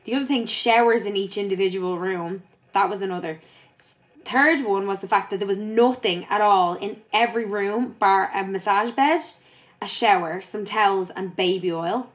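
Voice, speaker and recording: A woman's voice: medium pitch, normal speed. Tired woman telling a story. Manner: swearing storyteller, lots of "like". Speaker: vlogger. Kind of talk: casual chat.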